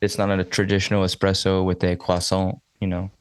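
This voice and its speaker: A man's voice: deep voice, completely flat delivery, fairly quick, background noise. A man hosting a podcast, chatting casually with short, easygoing replies and the odd swear. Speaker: podcast host. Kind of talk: casual chat.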